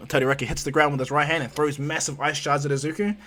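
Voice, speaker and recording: A man's voice: fairly high pitch, flat delivery, fast, bright, forceful tone. A man casually narrating a fan story in a rambling way, with lots of fillers.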